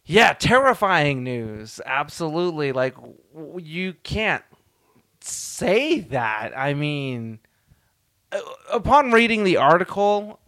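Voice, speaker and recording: A man's voice: on the high side, sing-song, slow pace, fairly bright tone. A man co-hosting a podcast, chiming in and agreeing in casual chat. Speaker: podcast co-host.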